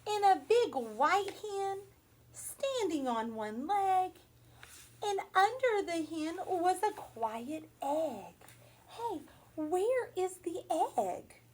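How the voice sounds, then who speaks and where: High-voiced lady teacher reading a farm-style picture book to little kids, super slow and bouncy, sing-song. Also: very animated, a little mellow. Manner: slow, sing-song storytelling with questions and animal noises. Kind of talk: reading a picture book aloud to young children.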